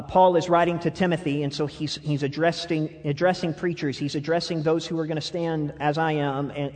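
A young adult man preaching a sermon, animated and laughing often, swinging between loud outbursts and soft asides. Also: a little high. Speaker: pastor.

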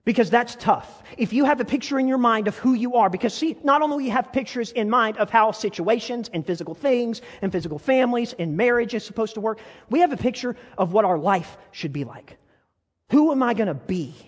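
A man's voice: very high-pitched, lively intonation, brisk. A male pastor preaching a sermon, earnest and building to fervent appeals with many rhetorical questions. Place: church hall. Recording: long hall reverb.

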